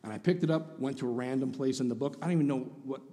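A man telling a funny story as a guest speaker in a church sermon, animated and sarcastic. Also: medium pitch, racing. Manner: animated, sarcastic, acts out voices. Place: church sanctuary. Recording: reverberant church hall.

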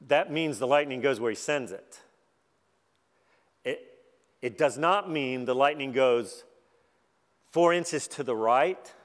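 A man preaching a sermon as a guest speaker, talking in a relaxed, self-deprecating way and turning animated when he acts out the verses he quotes. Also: medium pitch, in a large hall. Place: large church hall.

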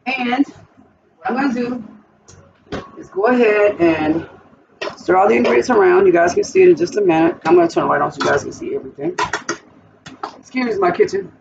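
A woman's voice: mid-range voice, big pitch swings, brisk, creaky, long pauses. A woman hosting a cooking vlog in her home kitchen, chatting straight to her viewers as she cooks. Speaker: cooking channel host. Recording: distant, muffled, noisy.

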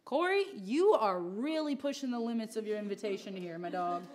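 A woman leads a Bible study in an easygoing, chatty teaching voice. Her pitch sits right in the middle for a woman. She jokes and makes asides to the people in the room as she teaches. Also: lively intonation, moderate pace, darkish tone. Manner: chatty and joking, with asides to the audience. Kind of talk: casual teaching talk.

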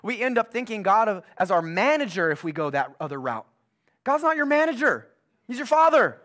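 Man preaching with loud-to-hushed swings. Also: high-pitched, brisk. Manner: conversational storytelling, swings from loud animated bursts to hushed near-whispers; repeats phrases for emphasis. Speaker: pastor. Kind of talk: sermon.

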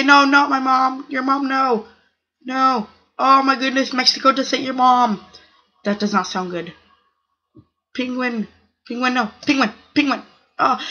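A gaming channel host giving live gameplay commentary, excitable, repeating short cries of no and come on and exclaiming oh my goodness. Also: mid-range voice, highs cut off.

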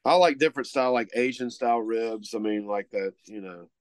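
A man from Mississippi talking in a loose, rambling way, full of "uh" and "you know". His voice sits at an ordinary middle pitch. The sound is dry and close, with no room around it. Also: brisk, smooth, no echo. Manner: rambling, filler-heavy, easygoing. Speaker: guest co-host, butcher shop representative. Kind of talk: casual podcast chat.

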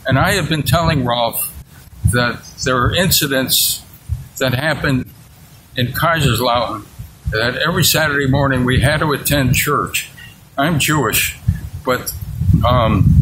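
A man's voice: mid-range voice, a little slow, background noise. A man in his eighties, a veteran, telling a personal story in an interview in a blunt, outspoken way. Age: 80s.

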